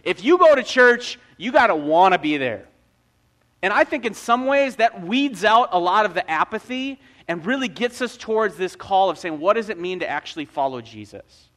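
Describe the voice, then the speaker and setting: High-voiced energetic male preacher. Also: normal speed. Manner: energetic storytelling, casual asides. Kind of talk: sermon.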